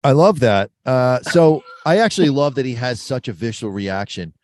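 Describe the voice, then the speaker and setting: A man's voice: medium pitch, animated, moderate pace, darkish tone, dry recording, studio quality. A man hosting a casual podcast chat, explaining things in a confident, practical way. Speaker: podcast host. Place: mobile studio.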